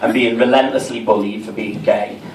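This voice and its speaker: A man's voice: lowish voice, steady tone, moderate pace, darkish tone. A man with a Liverpool accent doing a camp, chatty, self-mocking stand-up set in a comedy club. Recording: roomy, distant, with crowd noise.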